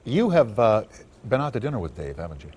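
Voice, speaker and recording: A man's voice: on the low side, wildly swooping pitch, very noisy. A man hosting a late-night backstage talk show who stammers and teases his guest. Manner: halting, stammers, ribbing the guest.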